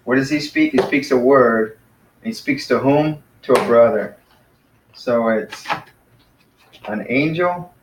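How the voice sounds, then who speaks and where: A man teaching a casual lesson to a class, patiently explaining and slowly sounding out words. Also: medium pitch, slight background noise. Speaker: Greek teacher. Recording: echoey room, mic far off.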